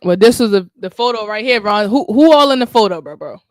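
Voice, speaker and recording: A woman's voice: medium pitch, fairly quick, dry recording. A woman hosts a laid-back livestream chat. Her delivery is loose and full of slang, and she sounds like she is talking with friends. Her voice comes through dry and close, over a call mic. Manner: slangy, relaxed, talks with friends. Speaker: livestream host.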